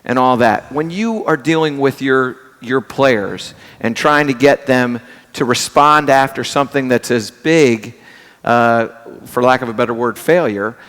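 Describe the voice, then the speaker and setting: A man's voice: medium pitch, a little slow, fairly bright tone. A man moderating a Q&A who asks questions and teases the audience. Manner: joking, teasing. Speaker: panel moderator. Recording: roomy hall reverb.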